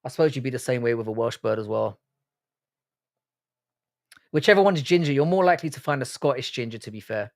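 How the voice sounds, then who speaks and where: A man's voice: medium pitch, animated, brisk, pauses often. An Irish man hosting a live fight watch-along stream, reacting casually and profanely and reading out chat messages. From Ireland. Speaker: livestream host.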